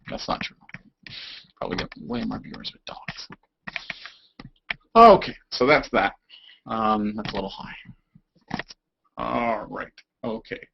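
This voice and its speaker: A man's voice: fairly low pitch, creaky, a little hiss or hum. A young man chatting casually on a live stream, rambling and goofy, slipping into silly voices now and then. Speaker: vlogger. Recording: dull lo-fi webcam audio.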